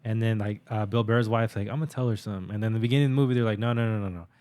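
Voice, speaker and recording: A man's voice: lowish voice, fairly even intonation, very fast, a little mellow, clean tone. A young man co-hosting a podcast, telling stories in a rambling, profane casual chat with many fillers. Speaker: podcast co-host.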